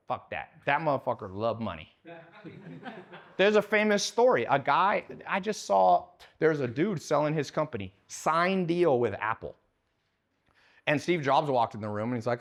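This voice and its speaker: A man's voice: medium pitch, lively intonation, normal speed. A man giving a live talk to an audience, blunt and heavily profane, putting questions to the crowd and acting out the people in his stories. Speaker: speaker at a business seminar.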